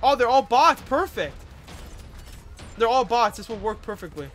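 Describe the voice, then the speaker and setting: Guy laughing thru his gameplay, super lively voice, bright tone, faint music behind. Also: normal speed, long pauses. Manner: laughs a lot, high-pitched excited outbursts. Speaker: gaming YouTuber. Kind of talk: excited gameplay commentary.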